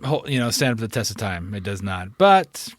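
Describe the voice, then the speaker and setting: A man's voice: fairly low pitch, big pitch swings, fairly quick, dry recording. A man co-hosting a podcast in a laid-back, casual way, laughing easily and tossing in short agreeing replies. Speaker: podcast co-host.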